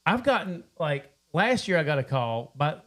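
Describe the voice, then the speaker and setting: A man's voice: a little high, moderate pace. A man, a bail bondsman co-hosting a podcast, telling stories in casual chat and acting out phone calls. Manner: animated retelling, acts out phone calls.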